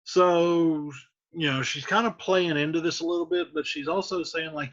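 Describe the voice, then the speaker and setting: A man's voice: a little high, fairly even intonation, normal speed, fairly bright tone, dull audio. Casual man explaining a play. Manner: casual, explanatory, frequent "like" and "you know". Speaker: teacher.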